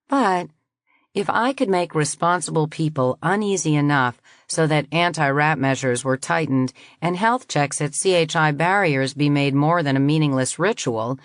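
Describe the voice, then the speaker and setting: A woman narrating a science fiction audiobook in the first person, reading in a measured, even way. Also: low voice, no echo, studio quality.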